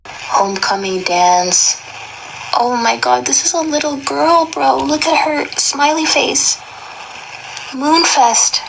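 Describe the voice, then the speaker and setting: A woman's voice: sits high, takes it slowly, vocal fry, fairly bright tone, a little hiss or hum, poor audio. A young woman reading aloud and reacting emotionally, with many exclamations and slang.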